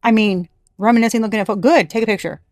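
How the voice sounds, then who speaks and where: A woman giving a casual tarot reading, blunt and animated, swearing freely. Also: a little high, fast, no echo, studio quality. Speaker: tarot reader.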